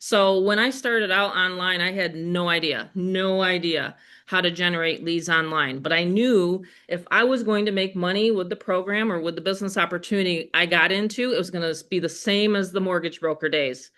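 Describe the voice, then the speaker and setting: An older woman with a Western New York accent hosts a live online sales webinar. Her bright, forceful voice stays chatty and upbeat, and she keeps turning to the audience with questions. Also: fairly low pitch, moderate pace, hardly any pauses. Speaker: webinar host.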